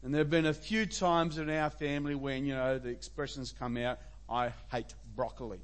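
A man's voice: fairly high pitch, steady tone, a little fast, clean tone. A man preaching a sermon as pastor, conversational and emphatic.

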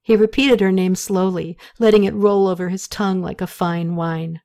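A woman reads a historical novel aloud in an audiobook. Her storytelling is calm and even, with a voice pitched in the ordinary middle range. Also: moderate pace, hardly any pauses. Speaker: audiobook narrator. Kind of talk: scripted audiobook narration.

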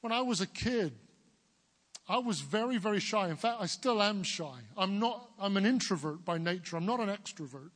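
A man in his forties from England with a big booming voice, preaching an earnest sermon as pastor. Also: lively intonation, moderate pace, fairly bright tone, big-room sound. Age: 40s. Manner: earnest, building to emphatic declarations.

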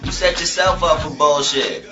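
A man's voice: on the high side, fairly even intonation, moderate pace. Laid-back man in a lo-fi clip. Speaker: video creator. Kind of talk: casual talk to camera. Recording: dull lo-fi clip with music.

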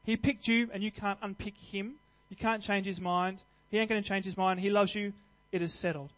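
A man's voice: sits high, steady tone, normal speed, a bit bright, poor audio. A man preaching a sermon in an earnest, conversational way, restarting phrases and building to emphatic passages.

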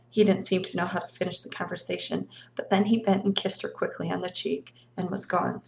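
Woman reading a novel with a gravelly voice. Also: fairly low pitch, brisk, few pauses. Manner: expressive storytelling. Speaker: reader of a novel.

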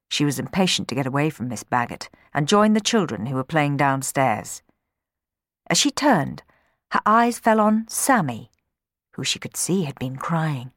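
A woman narrating a children's story from a book in an expressive, dramatic reading. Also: low voice, moderate pace, no echo, studio quality.

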